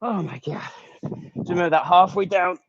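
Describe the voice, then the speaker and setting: A man's voice: high voice, a little fast, gravelly, background noise. A man coaching a live workout, out of breath, counting down seconds and urging people on between short laughs. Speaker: fitness coach. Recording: dull lo-fi stream audio.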